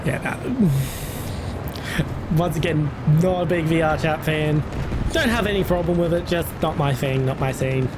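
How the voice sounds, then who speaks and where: A man's voice: fairly high pitch, steady tone, moderate pace, noisy background. A man with a received Australian accent, chatting casually with viewers as a streamer and laughing often. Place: home room.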